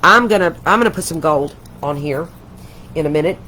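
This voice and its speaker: A woman's voice: sits low, lively intonation, fairly quick, sharp tone, slight background noise, poor audio. An older woman, hosting a casual craft livestream from home, chatty and rambling, gushing with affection. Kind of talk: casual live craft chat.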